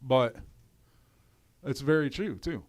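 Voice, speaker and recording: A man's voice: medium pitch, slow pace. A man with a runny nose, ranting on a livestream in a profane, exasperated way. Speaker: livestream commentator. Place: home in cold weather.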